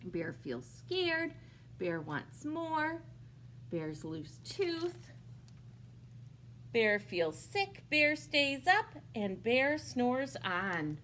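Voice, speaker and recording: Woman children's librarian, slow and lively read-aloud, asks kids questions, faint room hum. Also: high voice. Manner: slow, sing-song, asks young listeners questions. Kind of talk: preschool storytime read-aloud.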